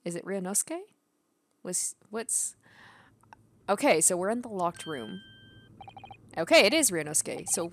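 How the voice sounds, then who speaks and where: Excitable woman reacting to a game. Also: fairly low pitch, measured pace, long pauses, slight background noise. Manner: excitable, swears and laughs while reacting. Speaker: let's play streamer. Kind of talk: casual game commentary. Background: faint game music.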